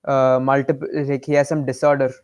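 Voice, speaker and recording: A man's voice: medium pitch, fairly quick, clear, resonant tone. A man co-hosting a podcast, retelling anime plot in casual chat with lots of fillers. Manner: animated, filler-heavy retelling. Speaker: podcast co-host.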